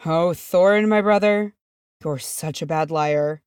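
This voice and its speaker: A woman reading aloud and voicing a gentle, affectionate young dwarf brother. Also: low-pitched, steady tone, moderate pace, clear, resonant tone, no room sound, studio quality, lightly acted. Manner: gentle, teasing.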